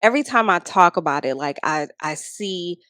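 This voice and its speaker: Podcast guest: young woman, lively pitch, salty and emphatic, dry close sound. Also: normal speed, no room sound. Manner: animated and emphatic, with frequent profanity. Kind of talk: candid casual chat.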